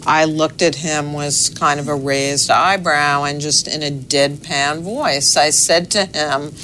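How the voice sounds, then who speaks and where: A middle-aged woman, a newspaper's executive editor, answering interview questions in a measured, thoughtful way with pauses and fillers. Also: deep voice, fairly even intonation, sharp tone, slight background noise.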